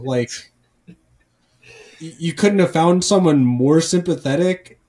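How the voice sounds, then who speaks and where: Slow-talking, profane man ranting. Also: on the high side, lively intonation, dark tone. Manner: profane, rambling, frequent false starts. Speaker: podcast co-host. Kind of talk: casual comedic podcast chat.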